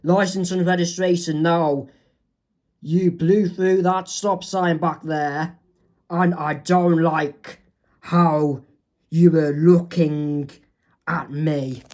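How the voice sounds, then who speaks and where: A stern, suspicious cop barking orders slowly, read out by a man. He drags out each word with heavy emphasis, his pitch pitched a touch above the narrator's own voice. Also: fairly even intonation, darkish tone. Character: police officer, stern and suspicious.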